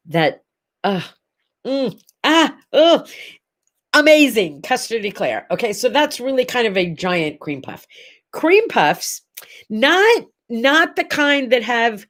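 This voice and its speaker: Talking straight into the camera, a middle-aged woman hosts a casual morning chat show, gushing and rambling with plenty of asides. Her voice is medium-pitched and fairly bright.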